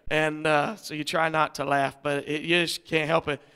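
High, gravelly preacher. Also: male voice, little pitch movement, normal speed, bright, forceful tone. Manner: folksy, rambling, many fillers and restarts. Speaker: visiting missionary preacher. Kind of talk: sermon.

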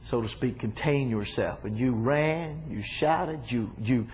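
A man preaching a sermon to a congregation in a church, talking casually to the room and breaking into loud shouts. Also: mid-range voice, unhurried, slight background noise. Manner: animated, shouting bursts and conversational asides to congregation.

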